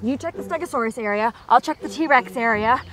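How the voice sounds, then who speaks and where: A woman park ranger in a scripted children's video, excitable and over the top. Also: on the high side, brisk. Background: background music.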